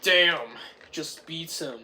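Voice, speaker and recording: A young man casually recapping a movie's plot, rambling and excitable, swearing now and then and often clearing his throat. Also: fairly high pitch, slow, slight background noise. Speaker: movie reviewer.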